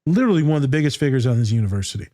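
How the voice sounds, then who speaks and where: A man who hosts a podcast and works as a therapist, ranting in animated, profane casual chat. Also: mid-range voice, racing, no echo, clean studio sound.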